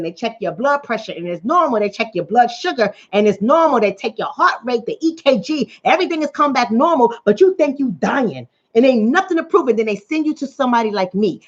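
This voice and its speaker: A woman from the New York and New Jersey area with that accent, hosting a casual livestream as a relationship coach and reading out viewer comments in an animated storytelling manner. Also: fairly high pitch. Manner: animated storytelling, acts out quoted voices. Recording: dull lo-fi audio.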